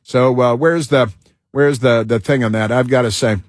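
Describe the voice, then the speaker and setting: A man talks his way through a loose host monologue, stopping and restarting, leaning on uh and um as he goes. His voice sounds husky and a little rough, and the recording is dry and close with no room sound. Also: medium pitch, fairly even intonation, dry recording. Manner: halting, with many fillers and restarts. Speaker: talk show host. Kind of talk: rambling talk show monologue.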